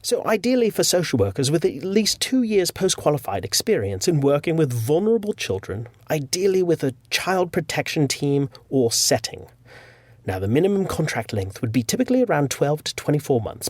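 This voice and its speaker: A man's voice: fairly high pitch, sing-song, fairly quick, darkish tone, no echo. A man reading an email aloud in a put-on British accent, voicing a polite male recruiter. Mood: cheerful.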